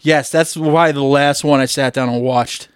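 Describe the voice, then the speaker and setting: A man co-hosting a podcast, chatting casually, swearing freely, and retelling comedy movie scenes with lively impressions. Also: medium pitch, moderate pace, smooth, no room sound, clean studio sound. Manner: animated storytelling, swearing, acting out movie lines. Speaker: podcast co-host. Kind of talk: casual chat.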